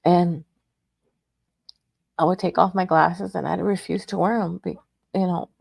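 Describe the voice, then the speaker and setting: Gravelly-voiced middle-aged woman telling her story. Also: lowish voice, fairly even intonation, measured pace, darkish tone, no room sound. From Texas, United States. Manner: rambling, emotional, with frequent restarts. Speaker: radio show host sharing a personal story. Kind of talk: candid personal storytelling.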